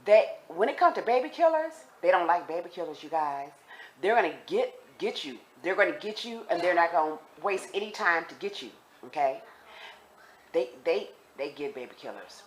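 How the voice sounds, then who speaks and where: A woman telling viewers a personal story in a casual, animated way, speaking straight to them and repeating herself for emphasis. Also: lowish voice, moderate pace, slight background noise.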